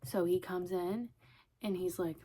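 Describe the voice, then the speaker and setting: A woman talking casually to her camera in a loose, rambling vlog. Her voice sits a little low, and she keeps laughing and swearing as she goes. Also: steady tone, unhurried, warm tone, a little hiss or hum. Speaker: vlogger.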